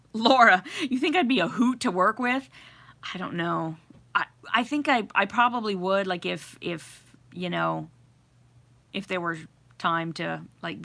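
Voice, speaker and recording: A middle-aged woman hosts a casual livestream from home by a fireplace, laughing often as she greets viewers and reads their comments. Her medium-pitched voice has vocal fry, and she's giggly, chatty and warm in her greetings.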